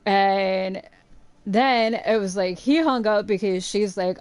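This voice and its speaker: A woman's voice: medium pitch, slow, smooth, no echo. Woman gamer telling a story, talks a lot, swears a bunch, says like all the time, dry close sound. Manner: chatty, profane, animated retelling with frequent "like". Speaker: gaming channel host. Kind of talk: casual storytelling over gameplay.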